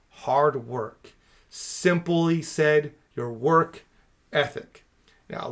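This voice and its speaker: A man in his thirties teaching on camera, emphatic and repeating key phrases in a steady rhythm. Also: mid-range voice. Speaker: speaker and coach.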